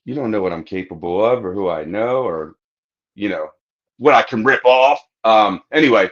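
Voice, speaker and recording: A man with a deep, low voice tells a rowdy anecdote in easygoing podcast chat. He swears a lot and acts out the other people's lines. The recording is a bit muffled and lo-fi. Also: moderate pace. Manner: profane, animated anecdote-telling, acting out quotes. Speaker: podcast host. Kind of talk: casual storytelling chat.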